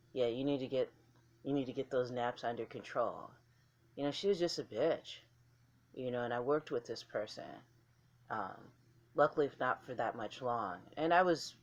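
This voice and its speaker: A woman vlogger talking casually to camera in a blunt, candid way, swearing freely. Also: rumbling low.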